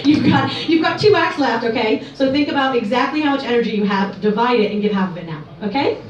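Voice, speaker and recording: A woman's voice: a little high, animated, fast talker, recorded from a distance, heavy background noise. A woman compering a comedy night, coaxing and teasing the audience. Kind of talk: warming up a comedy crowd. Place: comedy club room. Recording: echoey dull phone recording from afar.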